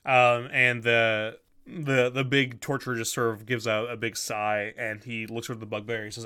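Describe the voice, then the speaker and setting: A man's voice: medium pitch, level tone, normal speed, few pauses, sharp tone, clean tone. A man narrating as game master of a tabletop game, hesitant, with many ums and restarts.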